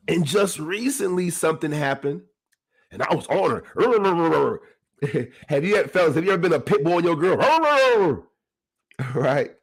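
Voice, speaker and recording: A man hosting his own podcast, talking to his listeners in a casual motivational monologue, animated and laughing often. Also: a little high. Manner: animated, laughs often, talks straight to the audience. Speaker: podcast host.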